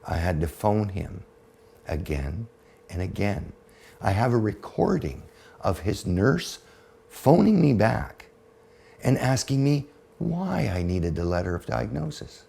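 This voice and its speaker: A man in his fifties, a podcast guest, telling a personal story in a blunt, profane, animated way. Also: fairly low pitch, takes it slowly, gravelly, breathy edge. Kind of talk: storytelling in casual conversation.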